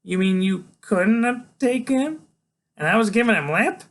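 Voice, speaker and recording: A man voicing an excitable, brainy small teenage boy who shouts in a high voice. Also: moderate pace. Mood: giddy.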